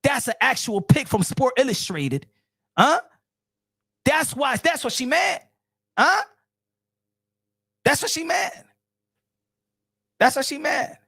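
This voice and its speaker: A man hosting casual boxing reaction commentary, animated and repetitive, slangy, often laughing and calling his viewers folks. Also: very high-pitched, takes it slowly, gravelly, pauses often.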